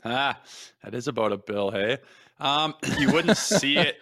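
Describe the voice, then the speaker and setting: A man co-hosting a sports show, a former pro player telling stories in a relaxed, casual way. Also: mid-range voice, a little slow, dry recording, clean studio sound. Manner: laid-back, storytelling, frequent "man" and "hey".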